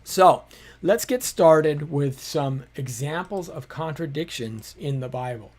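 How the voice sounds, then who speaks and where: A man's voice: on the high side, lively intonation, slow, a little mellow. Man teaching through a live stream. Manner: explanatory, conversational, with many fillers. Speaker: apologetics teacher hosting a live show.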